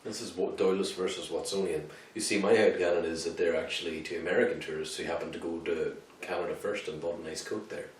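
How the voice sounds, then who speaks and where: A man with a very low voice throws in dry, wry remarks during a casual film chat. He talks fast. He is recorded from afar in a room full of echo. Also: steady tone. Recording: roomy, distant mic.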